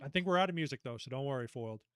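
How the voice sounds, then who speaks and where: A young man hosting a casual online trivia night, chatty and animated as he reads out questions and reacts to the players. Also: mid-range voice, rapid-fire, clear, resonant tone. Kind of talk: casual livestream quiz hosting.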